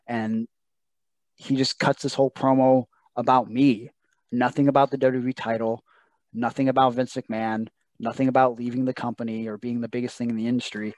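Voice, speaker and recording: In a casual storytelling interview, a wrestler in his thirties shares something personal with real emotion and sincerity, voicing the words of other people. His mid-range voice moves little in pitch and runs fairly quick over a dry recording.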